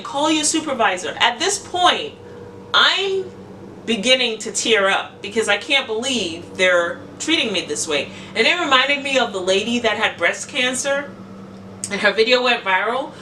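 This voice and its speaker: A woman's voice: fairly high pitch, expressive, unhurried, sharp tone, recorded from a distance, a little hiss or hum, low-quality recording. A middle-aged woman vlogger recounting a personal ordeal, emotional and indignant as she retells it. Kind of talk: personal story to camera.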